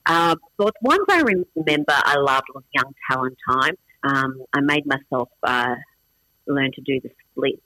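Man, Australian accent, Farsi native speaker, middle-aged, chatty interview guest, bright voice, dry close sound. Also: mid-range voice, animated, moderate pace, dry recording, poor audio. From Iran. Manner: chatty, self-deprecating, frequent restarts and fillers. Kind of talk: casual interview chat.

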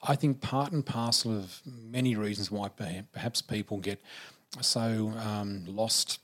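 A man's voice: fairly low pitch, steady tone, a little slow, a bit bright. A man who is an interview guest, telling a personal story in an earnest, emphatic way and repeating words for effect.

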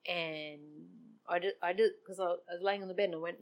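A woman's voice: on the low side, steady tone, fairly quick. A middle-aged woman, talking in a personal reflective monologue, emotional and open-hearted, with frequent laughs. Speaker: vlogger.

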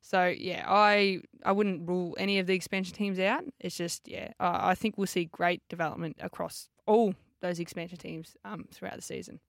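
A woman's voice: lowish voice, steady tone, normal speed, vocal fry, few pauses, no room sound, clean studio sound. A young Australian woman, a footballer co-hosting a podcast, chatting casually with lots of fillers and easy laughs.

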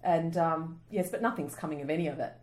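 A woman co-hosting a podcast in casual chat, animated and quick to laugh, exaggerating for comic effect. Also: deep voice. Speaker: podcast co-host.

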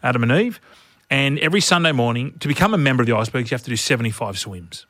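A man's voice: medium pitch, racing, no room sound. A middle-aged man co-hosting a podcast, telling a story in casual chat and laughing as he goes. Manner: animated storyteller, laughs through his lines. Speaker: podcast co-host.

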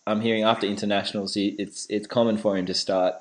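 A man's voice: lowish voice, little pitch movement, quick pace, rough recording. A man co-hosting a casual sports podcast, joking and laughing, often repeating words as he goes. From Australia. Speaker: podcast co-host.

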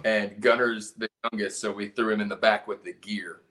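A man's voice: fairly low pitch, steady tone, moderate pace, a bit bright. Rambling, profane punk musician, man. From South Carolina. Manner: rambling, profane, frequent restarts. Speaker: guest, punk band singer and guitarist. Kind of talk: casual storytelling chat.

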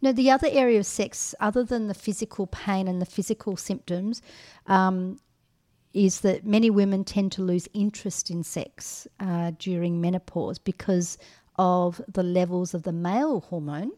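Middle-aged woman, podcast co-host, frank, casual chat, average pitch, fillers and restarts. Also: normal speed, warm tone. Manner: frank, many ums and restarts.

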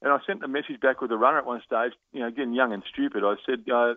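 A man's voice: mid-range voice, fast talker, no echo. A man with an Australian accent, a former footballer in his fifties, telling stories in a radio interview with plenty of restarts. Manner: animated storyteller with many restarts and laughs. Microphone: phone. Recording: tinny phone line.

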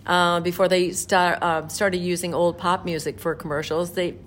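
Older American woman, low-pitched voice. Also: level tone, moderate pace, slight background noise. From southern United States. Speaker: voice actor and singer, guest. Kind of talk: interview chat.

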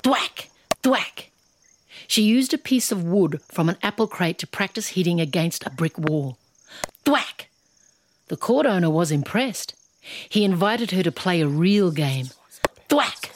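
A woman's voice: on the low side, expressive, normal speed, a little mellow, no room sound. A woman narrating a children's story, calling out sound effects. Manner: punchy sound effects in the reading.

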